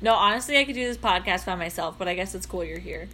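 A woman co-hosting a comedy podcast, teasing her co-host with quick reactions. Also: medium pitch, sharp tone. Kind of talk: casual comedy chat.

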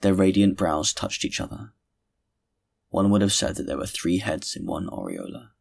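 A man narrating a classic novel as an audiobook reader, reading in a measured, deliberate way. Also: low voice, very animated, creaky.

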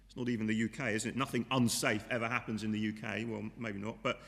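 A man's voice: lowish voice, little pitch movement, quick pace, creaky, fairly bright tone, big-room sound. A man preaching a sermon in a conversational way, often asking his listeners rhetorical questions. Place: church.

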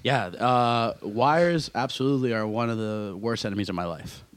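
Relaxed man leading a podcast segment. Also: medium pitch, moderate pace, no echo. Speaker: podcast co-host. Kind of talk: casual podcast chat.

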